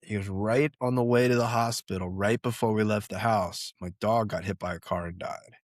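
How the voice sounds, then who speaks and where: A man co-hosting a podcast, telling anecdotes in a lively way and acting out what people said. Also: fairly low pitch, moderate pace, no room sound, clean studio sound. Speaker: podcast co-host. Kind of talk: casual podcast conversation.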